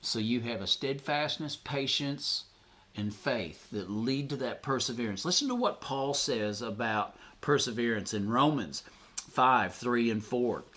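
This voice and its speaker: A man's voice: mid-range voice, expressive, measured pace, bright, forceful tone. Man, middle-aged, pastor, earnest sermon, retells scripture with quoted voices.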